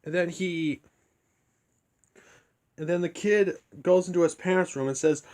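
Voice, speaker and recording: A young man quietly retelling a story in a rambling, casual review, keeping his voice down so he won't wake anyone. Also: high voice, animated, unhurried, pauses often. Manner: rambling, hushed to keep from waking others.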